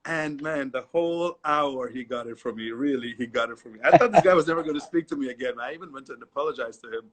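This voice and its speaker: A middle-aged man, a dance teacher, talking as an interview guest, lively and repetitive, often adding "you know". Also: mid-range voice, rapid-fire, husky. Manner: animated storyteller, repeats himself, many "you know"s. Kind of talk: casual interview chat.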